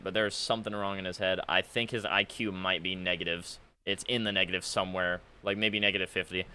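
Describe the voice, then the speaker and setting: A man's voice: lowish voice, bright, forceful tone. A young man giving casual, sarcastic commentary while reading out chat messages from a game, exasperated and mocking. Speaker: gaming content creator.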